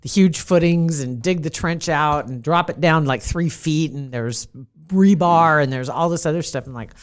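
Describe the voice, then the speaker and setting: A woman's voice: low voice, normal speed. A middle-aged woman with a Midwest American accent, co-hosting a podcast in a studio, chatty and laughing often. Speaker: podcast co-host. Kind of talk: casual chat.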